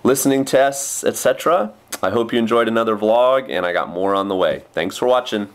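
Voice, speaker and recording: Chatty man with a low voice. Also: a little fast, smooth. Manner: chatty, with many fillers and quoted kid voices. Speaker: English teacher in Japan. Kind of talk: rambling casual vlog.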